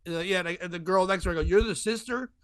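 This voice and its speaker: A man's voice: high voice, rapid-fire, clean tone, dry recording. A man hosting a casual comedy podcast, telling stories with lots of laughing and acting out the other people's voices. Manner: animated storytelling, acts out voices, laughs often.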